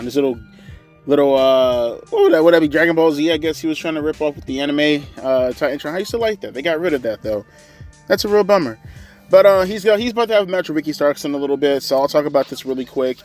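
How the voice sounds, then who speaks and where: A man ranting through a casual, profane, sarcastic wrestling show review. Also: medium pitch.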